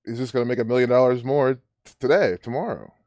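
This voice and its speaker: A man holds forth on his live stream in a loose, rambling rant, circling back on himself and restarting sentences. His voice sits at an ordinary male pitch, and the sound is dry and close with no room echo. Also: fast talker, a little mellow. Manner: rambling, ranting, many restarts. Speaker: livestream host. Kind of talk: casual live-stream commentary.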